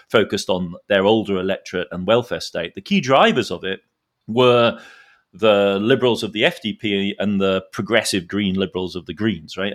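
A man giving a detailed, explanatory analysis in a podcast discussion, drawing analogies as he goes. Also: low-pitched. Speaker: expert guest.

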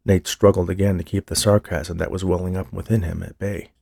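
A man narrating an audiobook in a steady, even storytelling manner. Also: low voice, brisk, gravelly, no room sound, clean studio sound. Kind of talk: scripted narration.

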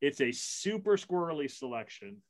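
A man in his forties co-hosting a casual podcast chat, rambling and self-mocking with quick bursts and restarts. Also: a little high, sing-song. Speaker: podcast co-host.

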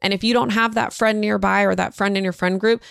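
A woman's voice: medium pitch, fairly even intonation, brisk, gravelly, smooth, no echo, clean studio sound. A woman hosting a parenting podcast who gives earnest, direct advice and talks to her listeners as "y'all". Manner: direct, warmly instructive, addresses listeners as y'all.

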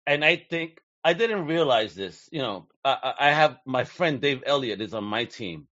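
A man co-hosting a casual chat, excitable and quick to laugh and swear. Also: mid-range voice, dry recording, highs cut off.

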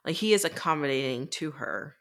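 A woman's voice: low-pitched, lively intonation, fairly quick. A woman co-hosting a casual book podcast, throwing in joking asides. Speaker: podcast co-host. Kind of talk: casual book-club chat.

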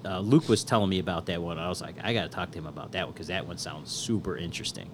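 A man's voice: sits low, very fast, background noise. A man hosting a casual interview, asking questions and throwing in jokes. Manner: joking, prompting questions. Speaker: podcast host.

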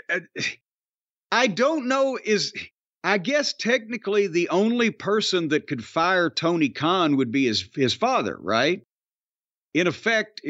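Middle-aged male podcast host with a higher voice, grumbling and cursing his way through chat, recorded muffled and dry. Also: fairly bright tone, dry recording. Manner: blustery, profane, grumbling rants.

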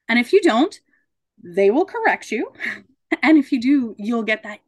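A woman mediator, around her thirties, giving a relaxed talk to a support group, animated and laughing as she acts out quoted voices. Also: fairly high pitch, a little slow, pauses often.

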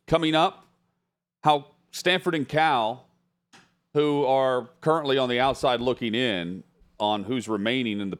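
A man hosting a studio talk radio show, setting up segments in a relaxed, conversational way. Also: lowish voice. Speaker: host.

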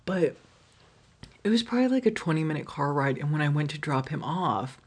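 A woman's voice: deep voice, animated, a little fast, husky. A woman hosting a solo podcast, telling candid, profane stories with lots of "like", restarts and laughter. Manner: candid and profane, heavy filler "like"; frequent laughter, trailing restarts. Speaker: podcast host.

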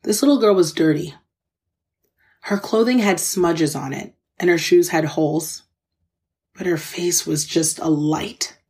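A woman at a middle pitch shares a personal story on her podcast. She talks to her listeners directly, in an earnest, candid and faith-filled way, and she is openly moved at times. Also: darkish tone. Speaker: podcast host.

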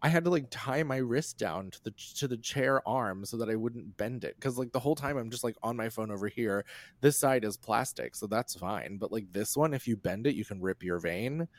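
A man's voice: medium pitch, brisk, dry recording. Podcast guest, male, rambling and laughing, dry close mic. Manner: rambling, laughing, swears freely. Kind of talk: casual chat.

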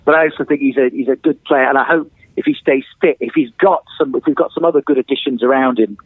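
A man's voice: mid-range voice, fast talker, slightly rough, no room sound. A man as a podcast guest, giving hesitant but firm opinions about football. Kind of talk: casual football chat. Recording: tinny phone-like line, dry.

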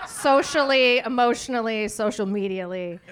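A woman's voice: on the high side, moderate pace, slight background noise. A woman closing a stand-up comedy set on a club stage, wry and self-deprecating.

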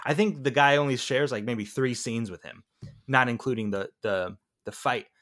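A man's voice: mid-range voice, normal speed, a bit bright. A man co-hosting a casual movie podcast, talking with rambling enthusiasm and many restarts. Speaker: podcast co-host. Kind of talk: casual movie review chat.

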